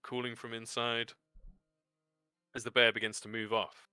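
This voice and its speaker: A man's voice: medium pitch, flat delivery, normal speed, pushed and bright, clean tone, no room sound, faint music behind. A man narrating as game master of a tabletop role-playing game, describing scenes vividly and adding sound effects.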